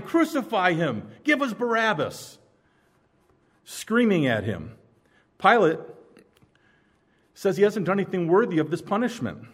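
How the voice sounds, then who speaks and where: A man preaching a sermon, dramatic, swinging between loud emphasis and hushed intensity. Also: fairly high pitch.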